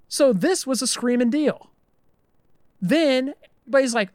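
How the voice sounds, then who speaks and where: A man's voice: very high-pitched, expressive, moderate pace, long pauses, a little mellow, no room sound. A man co-hosting a casual podcast, ranting in an exasperated way with some mild swearing. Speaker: podcast co-host.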